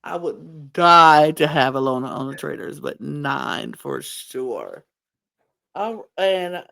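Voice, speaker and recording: A woman co-hosting a casual podcast, animated and emphatic, often stressing her points with a firm final word. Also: sits low, slow, gravelly. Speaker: podcast co-host. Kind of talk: casual chat.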